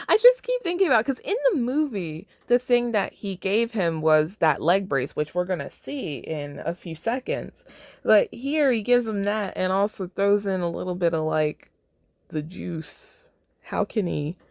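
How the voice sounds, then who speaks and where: A woman's voice: medium pitch, expressive, unhurried, darkish tone, no echo, clean studio sound. An American woman hosting a podcast, casually commenting on her own fan fiction with lots of "like" and laughter. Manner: chatty, lots of "like", breaks into laughter. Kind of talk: casual commentary and read-aloud.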